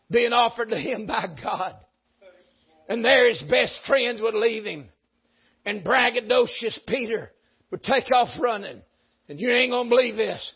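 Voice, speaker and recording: A man preaches a folksy, emphatic sermon, swinging between loud peaks and low asides. His voice sits high and sounds husky. The recording is dull and lo-fi. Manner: folksy, emphatic preaching with sudden rises and drops. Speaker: pastor.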